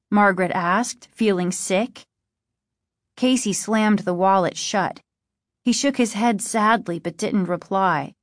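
A woman narrating a spooky storybook in a measured, steady storytelling manner. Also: medium pitch, dry recording, studio quality. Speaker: audiobook narrator. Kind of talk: scripted narration.

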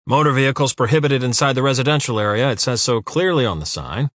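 A stubborn, short-tempered older man barks his demands in gruff, clipped bursts, as a male narrator puts him on. The storybook voice sits at an ordinary pitch. It is recorded dry, with no room sound. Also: lively intonation, fast, a bit bright, dry recording, lightly acted. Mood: dry defiant. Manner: barking, blunt and gruff. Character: grumpy stubborn older man, easily angered.

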